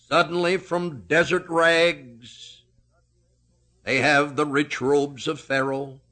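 A man preaching a sermon, slow and emphatic, rising and falling sharply in pitch and loudness.

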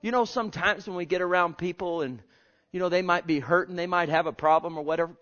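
In a dull, lo-fi recording, a male preacher with a fairly high voice gives a fervent sermon at a fast clip. He drifts from soft, intimate murmurs to loud, ringing exhortations.

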